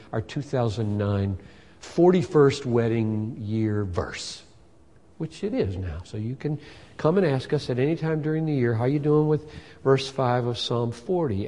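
A man in his sixties preaching a sermon. His delivery swings between loud emphatic bursts and soft asides. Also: medium pitch, animated, moderate pace. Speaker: pastor. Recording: long hall reverb.

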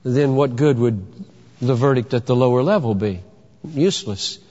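A man preaching a sermon with emphatic delivery, firing off rhetorical questions and sometimes shouting for effect. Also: medium pitch, moderate pace. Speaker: pastor. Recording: dull sound with long hall reverb.

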